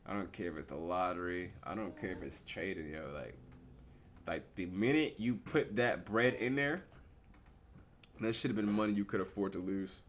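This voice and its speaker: Young man, very low voice, laid-back slangy live trading commentary that answers its own questions. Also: moderate pace, slight background noise. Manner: relaxed, slangy and explanatory, asks and answers his own questions. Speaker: livestreaming forex trader.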